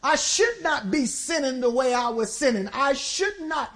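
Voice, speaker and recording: High-pitched woman preacher, fervent, calls on the church to answer back. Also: animated, fairly bright tone. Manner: exhorting, call-and-response with the congregation; swings between slow stressed phrases and quick bursts. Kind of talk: sermon.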